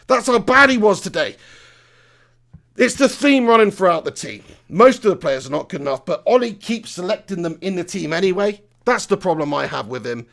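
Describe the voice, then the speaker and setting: A man's voice: sits high, sing-song, fairly quick, vocal fry, a bit bright. A young man hosting a live football reaction rant, swearing and firing off rhetorical questions. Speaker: football fan channel host.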